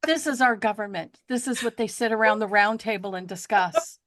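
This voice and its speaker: A woman's voice: mid-range voice, animated, fairly quick, fairly bright tone, no room sound, clean studio sound. A woman co-hosting a podcast in casual chat, playful and joking, often breaking into laughter. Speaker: podcast co-host.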